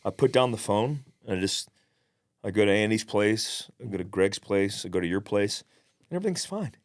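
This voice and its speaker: A man's voice: fairly low pitch, expressive, moderate pace. A man co-hosting a podcast, telling stories in a blunt, profane, casual way. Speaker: podcast co-host.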